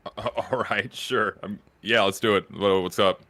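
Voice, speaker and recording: A lowish, bright-toned male voice answering a call from his laptop. His replies are short and easygoing. The sound is dry and close. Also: fairly even intonation, unhurried, dry recording. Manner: laid-back, brief replies. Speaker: guest on a call. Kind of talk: casual call chat. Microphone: laptop over a voice call.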